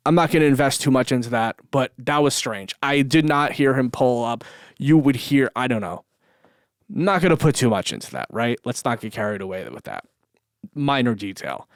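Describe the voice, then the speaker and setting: Man, casual podcast storytelling, lots of fillers and swearing, mid pitch, dead dry sound. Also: expressive, brisk, dry recording. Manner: rambling, swears a lot, many fillers. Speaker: podcast host. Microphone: camera mic.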